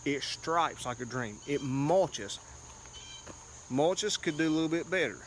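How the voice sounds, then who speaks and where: A man's voice: on the high side, lively intonation, a little slow, a little hiss or hum. A man talking to the camera outdoors on a hillside, plainspoken and a bit out of breath, repeating "okay?" to drive his points home. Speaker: lawn care business owner.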